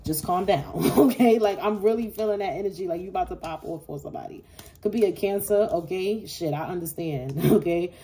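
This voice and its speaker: A woman's voice: fairly low pitch, a little fast, mellow. A woman giving a casual tarot reading to her viewers, talking bluntly and swearing freely. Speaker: tarot reader.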